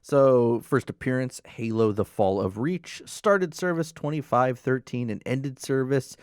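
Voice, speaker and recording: A man's voice: medium pitch, unhurried, a little mellow, clean tone, dry recording, studio quality. A man co-hosting a casual gaming podcast, reading out lore entries and then commenting on them. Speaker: podcast co-host.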